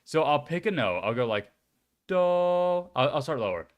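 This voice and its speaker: A young man chatting casually as a streamer, excitable and swearing freely. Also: on the high side, moderate pace. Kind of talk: casual chat.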